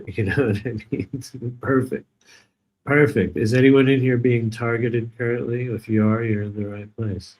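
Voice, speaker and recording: Brief: low-pitched man, rambling joking live stream host, dry sarcasm. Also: darkish tone, rough recording. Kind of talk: casual live stream chat.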